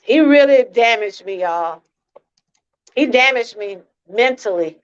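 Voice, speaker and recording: A woman's voice: on the high side, expressive, takes it slowly, clear, resonant tone, muffled recording. A woman from Georgia, hosting a live-stream testimony talk, earnest and repeating herself as she speaks straight to her viewers. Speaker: channel host.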